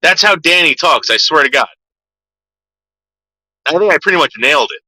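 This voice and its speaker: A man's voice: fairly high pitch, expressive, normal speed, sharp tone, no room sound, low-quality recording. A man ranting on a livestream, swearing heavily and repeating himself as he gets worked up. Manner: profane, agitated, repeats himself. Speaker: livestream host.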